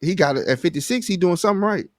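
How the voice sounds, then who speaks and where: A man's voice: sits high, lively intonation, racing, dry recording, clean studio sound. A man hosting a podcast, joking and teasing in casual chat.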